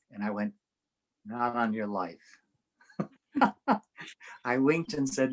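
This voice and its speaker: A man's voice: medium pitch, takes it slowly, long pauses, poor audio. An older man, an interview guest, telling show business stories with frequent laughter and acted-out voices. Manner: animated storyteller, laughs often, acts out voices. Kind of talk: anecdotal storytelling.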